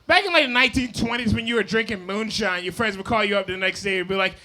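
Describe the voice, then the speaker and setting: A man's voice: sits high, fast, few pauses. A drunk young man doing a rambling, apologetic stand-up set on a comedy club stage. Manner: rambling, apologetic, loose and loud.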